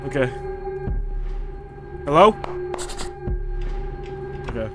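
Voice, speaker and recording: A young man commentating a horror game he is playing, loud, profane and joking as he talks back at it. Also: on the high side, expressive, slow, long pauses. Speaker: gaming streamer. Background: game music.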